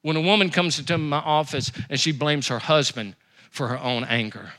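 A man preaching a sermon as pastor, with emphatic repetition and quick rises and drops. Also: fairly high pitch, bright, forceful tone.

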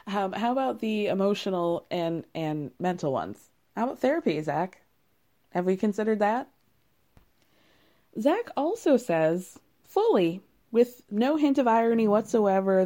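A woman's voice: mid-range voice, mellow. A young woman in casual recap commentary, wry and amused, often breaking into laughter as she talks. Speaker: reality show recapper.

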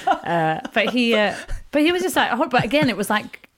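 A woman's voice: a little high, moderate pace. A woman comedian in her thirties as an interview guest, chatting candidly and acting out quoted voices as she tells stories. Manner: animated storyteller, acts out quoted voices.

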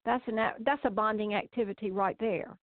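A woman author in casual interview chat, talking haltingly with many fillers and restarts. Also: medium pitch, steady tone, no room sound. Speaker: children's book author, guest. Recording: phone-like remote call audio.

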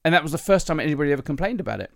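Telling comic stories about stand-up life, this comedian-podcaster stops, restarts and ums his way through self-mocking anecdotes in a relaxed chat. His fairly high, slightly bright voice is animated and has a gravelly fry, heard in a dry, close recording with no room in it.

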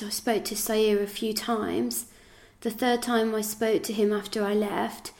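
A woman reading out a statement in a flat, steady recounting manner. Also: medium pitch.

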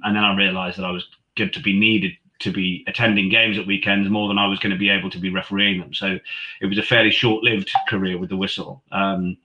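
Man, low voice, bright tone, chatty storyteller, fillers and restarts. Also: highs cut off. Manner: chatty, many fillers and restarts, acts out quoted lines. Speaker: rugby commentator and journalist. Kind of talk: conversational storytelling.

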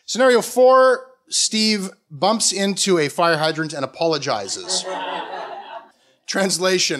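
A Canadian man giving a mock-academic comic talk in a sardonic, animated way. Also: high voice, slow pace. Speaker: comedic lecturer. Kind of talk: stand-up style comic talk.

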